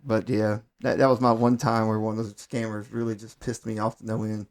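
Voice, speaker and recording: A man's voice: on the low side, fairly quick. A man co-hosting a casual podcast, telling stories with energy and often repeating words as he goes. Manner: animated storyteller, stumbles and repeats words. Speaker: podcast co-host. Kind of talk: casual storytelling chat.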